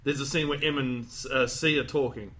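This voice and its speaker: A man's voice: mid-range voice, steady tone, brisk, a bit bright. A man hosting a podcast, rambling and joking in casual chat, acting out lines from a movie. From Australia. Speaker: podcast host.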